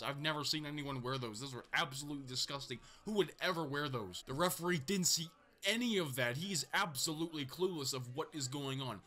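Young man, mock play-by-play, bright forceful tone, loud outbursts and low mutters. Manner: excitable, incredulous, swings between loud outbursts and low mutters. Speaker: mock commentator. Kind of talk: joking play-by-play commentary.

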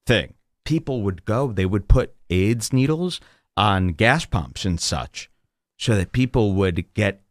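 Animated, swearing male podcast host. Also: on the low side, dry recording, clean studio sound. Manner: animated rambling storytelling, swears freely. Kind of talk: casual chat.

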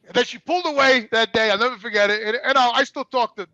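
A man's voice: extremely high pitch, quick pace, sharp tone, dry recording, lo-fi sound. A man telling personal stories in a rambling, candid way, repeating words and swearing freely. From New York. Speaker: guest. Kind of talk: candid conversational storytelling.

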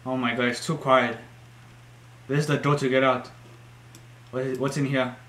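This young YouTuber's horror let's play, recorded in an echoey room at home with faint noise, is full of jumpiness, cursing, and startled shrieks. His mid-range voice is fairly bright, with flat delivery at normal speed.

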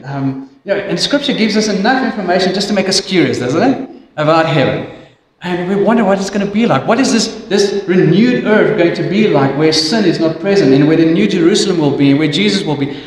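A South African man preaching from the pulpit in a voice pitched a touch high. He moves slowly and with emphasis, sinking into quiet intensity. The sound rings through a big, echoey church hall with a long reverb. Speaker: pastor. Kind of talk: sermon.

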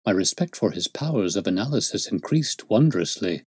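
Male audiobook narrator, low voice, husky, measured, dry close sound. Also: very animated, darkish tone, dry recording. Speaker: storyteller.

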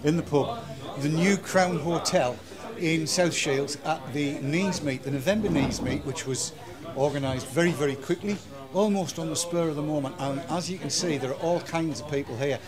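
Jokey roving interviewer, slightly high voice, crowded pub behind. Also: male voice, normal speed, crowd noise. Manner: jokey, teasing, chatty. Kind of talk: casual vox-pop chat. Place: busy pub. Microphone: handheld microphone.

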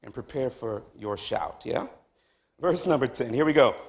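A man preaching a sermon as pastor of a church, dropping to hushed tones and then rising to loud, high exclamations. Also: expressive, moderate pace. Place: church sanctuary.

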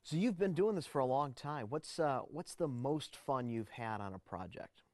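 Male interview host, easygoing questions, mid-pitched, dry close recording. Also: expressive, normal speed, a little mellow, no room sound. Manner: casual, joking questions. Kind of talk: interview conversation.

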